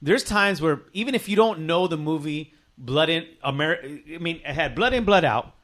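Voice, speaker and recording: A man's voice: a little high, expressive, moderate pace, fairly bright tone. A man, a stand-up comedian from Northern California, chatting casually on a podcast, laughing, swearing and slipping into movie-quote voices. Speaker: comedian guest.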